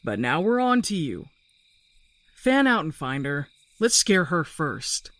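A woman voicing a panicked young man shouting orders. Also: deep voice, very animated, takes it slowly, dry recording, exaggerated voice. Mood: forced bravado. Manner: shouting, desperate, commanding. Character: panicked young man, grieving friend in woods.

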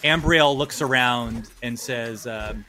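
A man narrating a tabletop game as game master, animated and quick to laugh. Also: medium pitch, a little hiss or hum. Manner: animated, excitable, laughing often.

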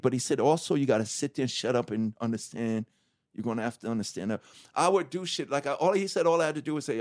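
A middle-aged man, a rapper as interview guest, telling his story candidly with profanity, restarts and acted-out quotes of other people. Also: on the high side. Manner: animated, profane, acts out quoted dialogue; halting restarts and self-corrections.

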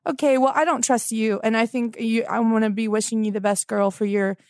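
A woman's voice: on the high side, steady tone, a little mellow, no echo, studio quality. A young woman hosting a comedy podcast, overwrought and flipping moods in a flash as she calls people on the phone. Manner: dramatic, overwrought, quick mood flips.

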